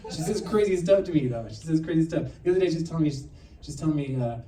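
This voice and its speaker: A man doing a stand-up set, telling stories in an animated way and acting out other people's voices. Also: fairly high pitch, fast, far from the mic. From New Mexico. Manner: animated storytelling with acted-out voices. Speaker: stand-up comedian. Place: theater stage with audience laughter. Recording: roomy theater sound from afar, audience noise.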